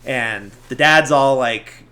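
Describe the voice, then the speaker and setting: Taking it slowly, a man hosts a casual podcast recap of a movie, walking through it scene by scene. His medium-pitched voice is pushed and bright, and his rambling retelling is filler-heavy, with quotes performed aloud.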